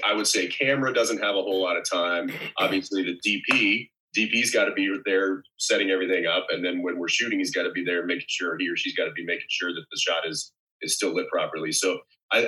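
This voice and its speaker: A man with a very deep voice that still rings bright and forward, chatting casually as an actor on a podcast. He meanders through his points with a dry, wry humor. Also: a little fast, low-quality recording.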